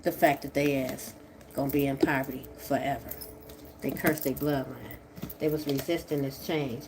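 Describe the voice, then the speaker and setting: A woman doing a tarot reading, talking in a profane, confrontational way that swings from a low mutter to shouting. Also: steady tone, moderate pace, background noise. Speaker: tarot reader. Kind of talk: angry tarot reading monologue.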